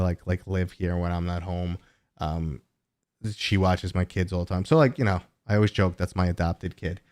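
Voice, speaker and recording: A man in his thirties hosts a casual livestream and answers viewer questions as they come in. His voice is low, and the recording is dry with no room echo. He rambles, with plenty of fillers and restarts. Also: a little mellow. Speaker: host.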